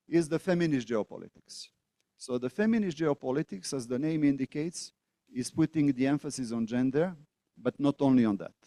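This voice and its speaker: Man, middle-aged, guest lecturer, mellow voice, dry sound, halting with uh pauses. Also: medium pitch, no room sound. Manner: deliberate, with frequent "uh" pauses and repetitions. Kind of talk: academic lecture. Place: auditorium.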